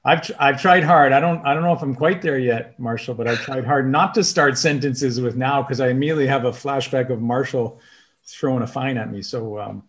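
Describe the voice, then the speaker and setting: A man co-hosting a leadership talk, speaking in a reflective, measured way with small hesitations. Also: medium pitch. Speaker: co-host, leader being coached. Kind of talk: conversational talk.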